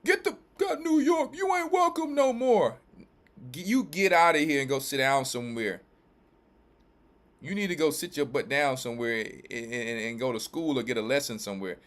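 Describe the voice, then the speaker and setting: A mid-pitched man from Louisiana and Texas speaks as a church elder and pastor. He preaches his commentary emphatically, repeating himself and restarting his phrases. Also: fairly bright tone. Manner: emphatic and repetitive, with quick restarts.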